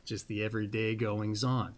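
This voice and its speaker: A man's voice: fairly low pitch, little pitch movement, normal speed. A man hosting a casual monologue, rambling in a folksy way and repeating pet phrases. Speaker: astrology video host.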